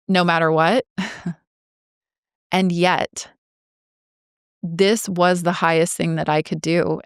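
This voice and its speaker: A woman in her forties telling a personal story as a podcast host, earnest and reflective, slowing down on key phrases. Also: on the low side, clean tone, dry recording, clean studio sound. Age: 40s.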